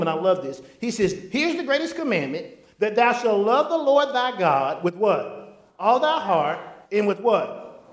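A man preaches in a strikingly high voice that leaps up and down with animated energy. He keeps tossing questions out to the congregation and waiting for the answer. The sound rings around an echoey church hall. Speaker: pastor. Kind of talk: sermon. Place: church sanctuary.

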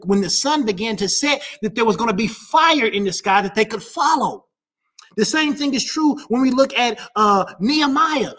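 Impassioned woman pastor preaching. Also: fairly high pitch. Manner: impassioned, repeats key lines, swells to shouts at peaks. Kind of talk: sermon.

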